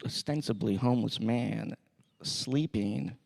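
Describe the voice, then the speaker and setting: A man, a podcast guest with a gravelly voice, rambling through an anecdote in casual banter at a studio mic. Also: mid-range voice, takes it slowly, a little mellow. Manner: rambling storyteller.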